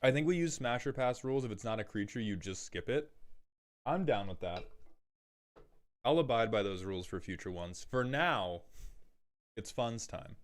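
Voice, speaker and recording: A man casually joking his way through card game deck reviews, with quick self-deprecating asides. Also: mid-range voice, animated.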